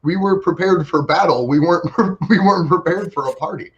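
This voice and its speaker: A man with a somewhat high voice tells it all in an excited rush on a video call. His audio comes through dull and lo-fi. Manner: fast, excited, repeats "like" and "literally". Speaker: show co-host. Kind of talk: casual chat.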